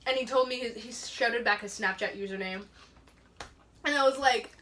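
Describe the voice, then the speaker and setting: A young woman co-hosting a casual podcast speaks at normal speed in a voice on the high side with a fairly bright tone. Telling a personal story, she rambles, leans heavily on "like," and laughs often.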